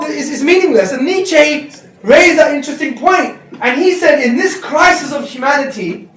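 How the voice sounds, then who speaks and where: A man giving a lively, joking lecture to students, slipping into street slang. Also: extremely high pitch, normal speed. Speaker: Islamic speaker. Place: lecture hall. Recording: echoey hall recorded from far off.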